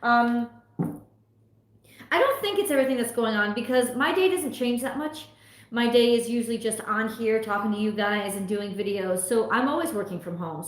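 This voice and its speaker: A young woman, a tarot reader, talking casually from home on a livestream and venting her frustration with some swearing. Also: on the high side. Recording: echoey room.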